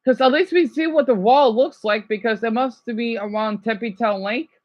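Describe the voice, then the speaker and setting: A man's voice: extremely high pitch, normal speed, muffled recording. A man from Arizona reacting to a news clip, ranting heatedly with lots of swearing and rambling asides. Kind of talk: profane reaction rant.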